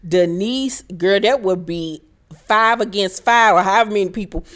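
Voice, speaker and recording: A woman hosting a casual reality TV recap, talking in a sassy, profane, animated way. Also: mid-range voice.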